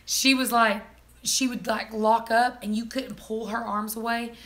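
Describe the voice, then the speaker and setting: Young female vlogger, animated storyteller, bright tone. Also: a little high, measured pace. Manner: animated, laughing, mimics people in quotes. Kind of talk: casual storytelling chat.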